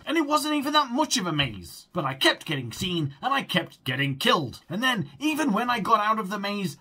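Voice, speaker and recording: Excitable gaming host. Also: male voice, high-pitched, husky. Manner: excitable, sweary, jokey. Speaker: let's play host. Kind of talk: gameplay commentary.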